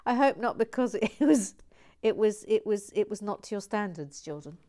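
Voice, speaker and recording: A woman hosting a model-building stream on a lapel mic, chatting in a rambling, self-mocking way and dropping into soft whispered asides. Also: medium pitch, expressive, measured pace. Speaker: host building a toy model. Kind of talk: casual chat while building. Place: indoors at a table.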